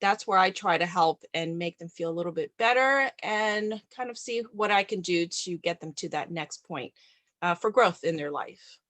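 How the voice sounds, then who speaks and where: A woman's voice: lowish voice, expressive, moderate pace, fairly bright tone, no room sound. A woman motivational speaker, a guest on an interview show, talking in an earnest, encouraging way.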